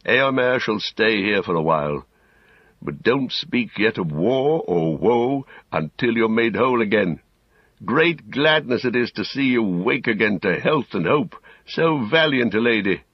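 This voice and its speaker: A man reading, voicing a kind, grave old male wizard who speaks in a measured, courtly way. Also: lowish voice, expressive, breathy edge, no echo, muffled recording, voice pushed up, exaggerated voice. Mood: kindly.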